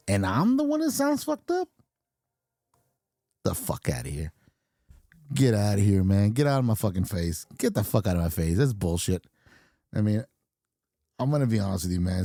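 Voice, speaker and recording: A middle-aged man rants bluntly through his podcast monologue, cursing constantly and chuckling at his own lines. His voice is warm and mellow. The sound is dry, with no room echo. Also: mid-range voice. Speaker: podcast host. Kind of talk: profane ranting monologue.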